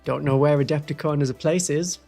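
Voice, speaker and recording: A man's voice: on the high side, fairly even intonation, brisk, vocal fry, dark tone, soft background music. A man with a toned-down Northeast English accent, chatting with viewers on a live stream in a wry, rambling way. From Northeast England. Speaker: Warhammer streamer. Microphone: studio microphone.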